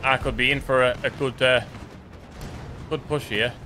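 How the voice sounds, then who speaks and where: Guy muttering thru a shooter match, bright lively voice, faint gunfire behind. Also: medium pitch, a little hiss or hum. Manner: chatty, self-muttering, quick reactions. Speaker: gaming streamer. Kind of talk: casual gameplay commentary.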